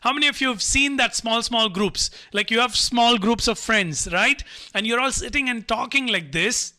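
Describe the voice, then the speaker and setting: High, sharp-voiced man coaching students. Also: moderate pace. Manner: repetitive, coaxing, asks the audience to type replies. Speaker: motivational speaker. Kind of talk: live online motivational talk to students.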